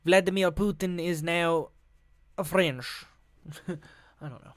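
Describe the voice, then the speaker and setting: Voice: medium pitch, fairly even intonation, a little slow, clear, resonant tone, no room sound, studio quality. A podcast host reading news articles aloud and breaking off into profane, laughing, rambling asides.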